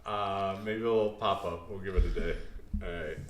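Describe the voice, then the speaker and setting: A man's voice: low-pitched, steady tone, moderate pace. A man co-hosting a podcast in casual chat, telling stories with plenty of laughter and swearing. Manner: laughing, profane storyteller. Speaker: podcast co-host.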